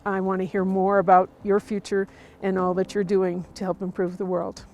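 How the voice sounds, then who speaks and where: A woman mentor in a recorded video tribute, speaking in a heartfelt, gentle way. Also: medium pitch, little pitch movement, moderate pace, a little hiss or hum.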